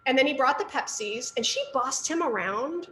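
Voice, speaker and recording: A middle-aged woman with a slightly high voice tells stories from her art training in a chatty, rambling way. She is recorded in an echoey room with a faint hiss behind her. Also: lively intonation, moderate pace, a bit bright. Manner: chatty storytelling with fillers and asides. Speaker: artist and art teacher. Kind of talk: casual lecture talk.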